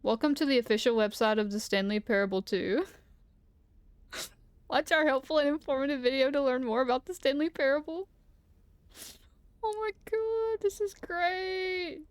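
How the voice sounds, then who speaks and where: A chatty, giggly woman commentates live on a game from her room at home. Her voice sits a little high and playful. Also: fairly quick, clear, resonant tone, no room sound. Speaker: streamer.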